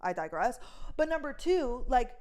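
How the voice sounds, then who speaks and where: Chatty young woman, slightly high voice. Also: sing-song, moderate pace, a little mellow. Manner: chatty, fillers, swears, acts out what others said. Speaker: vlogger. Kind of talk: casual storytime chat.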